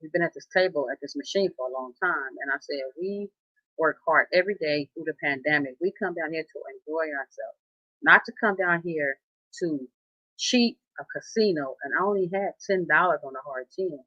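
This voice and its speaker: A woman telling a story in a casual, animated way, often repeating herself and quoting what people said. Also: low-pitched, moderate pace, no echo, highs cut off. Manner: animated, conversational, repeats herself, quotes others. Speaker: storyteller recounting a casino dispute.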